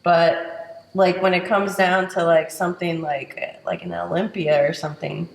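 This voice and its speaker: A woman's voice: lowish voice, level tone, unhurried, vocal fry. A woman as a podcast guest, laid-back and giving short plain answers. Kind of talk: casual chat. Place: gym. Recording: roomy reverberant hall.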